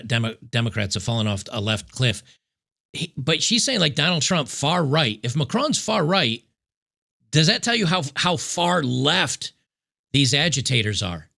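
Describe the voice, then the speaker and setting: A man hosting political commentary, reacting to news clips in an emphatic, sarcastic way and repeating key points slowly. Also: mid-range voice, vocal fry, bright, forceful tone.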